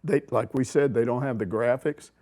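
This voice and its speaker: An older man, hosting a sports talk show and telling a story in an animated way. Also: mid-range voice, normal speed. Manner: animated, acts out quotes with voice shifts. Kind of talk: casual storytelling chat.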